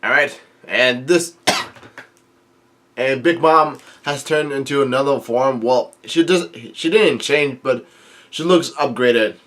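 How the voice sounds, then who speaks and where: Man hosting a casual manga read-through, halting delivery with fillers, mid-pitched voice. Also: fairly bright tone. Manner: halting, many fillers and restarts. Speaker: manga reaction host.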